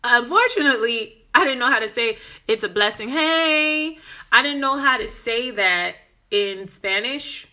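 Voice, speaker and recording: A woman from New York with a New York accent chats casually on a phone livestream. She tells animated stories full of fillers and asides. Her voice sits a little high and sounds very bright. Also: moderate pace. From New York, USA. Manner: chatty and informal, with many fillers and asides. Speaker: language-learning content creator. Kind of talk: casual livestream chat and storytelling.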